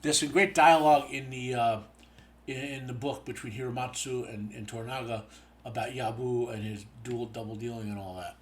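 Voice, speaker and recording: A man's voice: mid-range voice, steady tone, normal speed, a little hiss or hum. A tired man hosting a show, giving a casual spoken episode review that rambles with many fillers and restarts. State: tired, yawning.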